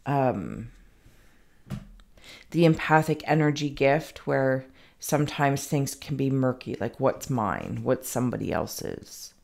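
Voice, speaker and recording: Low, gravelly-voiced woman giving a reading. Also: animated, slow pace, a little mellow. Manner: rambling, thinking aloud with frequent fillers; self-mocking asides. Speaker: psychic reader. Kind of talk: casual spoken intuitive reading.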